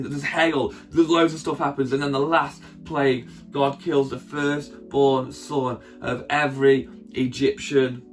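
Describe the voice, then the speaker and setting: A man retelling a Bible story for children in a chatty, playful way, often asking his listeners questions. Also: mid-range voice. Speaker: children's church leader.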